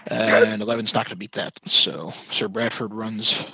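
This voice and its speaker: A man's voice: fairly low pitch, steady tone, moderate pace, creaky, sharp tone, slightly rough, no echo, low-quality recording. A man narrating a tabletop game as game master, hesitant and often correcting himself on the rules, over online voice chat.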